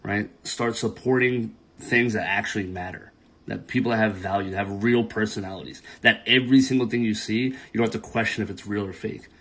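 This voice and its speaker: Man, low husky voice, preachy rant about what deserves support. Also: steady tone, brisk, a bit bright. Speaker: commentator in a played clip.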